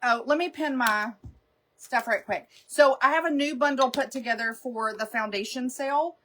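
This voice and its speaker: A woman chats her way through a live makeup stream, telling rambling stories and laughing a lot. Her high-pitched voice is fairly bright and moves at a normal speed, with a little hiss or hum in the audio.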